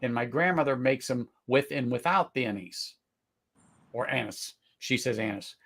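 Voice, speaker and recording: A middle-aged man hosting a live whisky tasting, talking casually, searching for words, then bursting into excited exclamations. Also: medium pitch, fairly quick. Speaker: whisky tasting livestream host.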